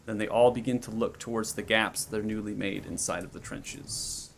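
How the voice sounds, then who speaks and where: A man's voice: lowish voice, fairly even intonation, normal speed, gravelly, a little hiss or hum. A man narrating as game master, describing monster moves step by step.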